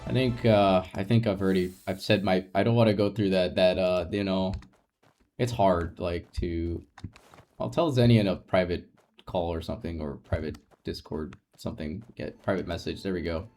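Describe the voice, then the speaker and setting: A young man chatting casually on a live gaming stream, soft-spoken and rambling, with frequent restarts and light laughs. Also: deep voice, steady tone, normal speed, slight background noise.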